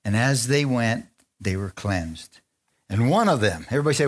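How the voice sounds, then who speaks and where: A man preaching a sermon to a congregation, lively, laughing often and asking for amens as he retells scripture stories. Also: fairly quick. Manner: animated, asks the congregation for amens; laughs often, acts out quotes in a higher voice. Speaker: pastor.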